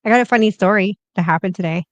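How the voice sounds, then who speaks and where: A woman's voice: mid-range voice, fast talker, dry recording. A woman guest on a podcast telling a funny story in casual chat, laughing often. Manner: giggly, animated storyteller.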